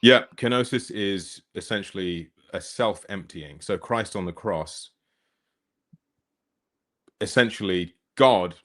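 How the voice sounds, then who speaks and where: A young man as a guest in a casual discussion, explaining in a measured, slightly hesitant way. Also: deep voice, fairly bright tone.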